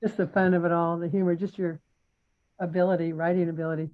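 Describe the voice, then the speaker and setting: A woman's voice: on the low side, little pitch movement, quick pace. Eager woman on a muffled call. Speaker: audience member. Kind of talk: casual discussion on a video call.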